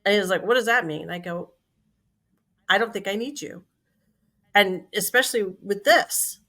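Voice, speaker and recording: Bright-voiced woman in her 60s telling stories. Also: medium pitch, normal speed. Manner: lively anecdotal storyteller, acts out quoted dialogue. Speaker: company CEO. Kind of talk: storytelling in conversation.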